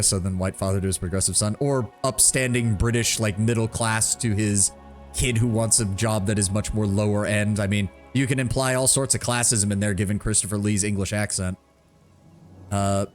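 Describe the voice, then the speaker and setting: A man's voice: fairly low pitch, fairly even intonation, moderate pace, soft background music. A man streaming a game, rambling casually and swearing often. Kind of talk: casual gaming commentary.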